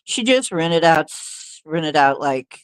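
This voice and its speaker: A woman's voice: sits low, lively intonation, takes it slowly, clean tone, no echo, poor audio. A woman hosting a livestream, telling stories in a rambling, hesitant way with many fillers and little laughs. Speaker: livestream host. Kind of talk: casual storytelling chat.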